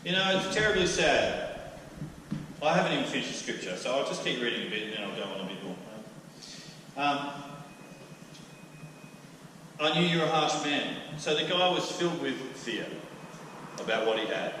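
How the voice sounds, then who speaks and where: An Australian man preaching a lively, jokey sermon in a church hall. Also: medium pitch, fairly quick, pauses often. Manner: animated, jokey, acts out the master's lines. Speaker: pastor. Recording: echoey hall, mic from a distance, faint room hum.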